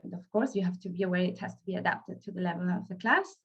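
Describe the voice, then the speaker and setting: A woman's voice: on the low side, lo-fi sound. Spanish-accented woman leading a workshop. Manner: halting, many fillers and restarts. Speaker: workshop trainer. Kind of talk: online training workshop.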